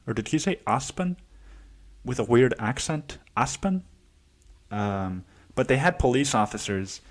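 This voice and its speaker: A man hosting a podcast alone, telling a long story in a rambling, profane, casual way with lots of fillers. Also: lowish voice. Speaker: podcast host. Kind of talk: casual solo podcast monologue.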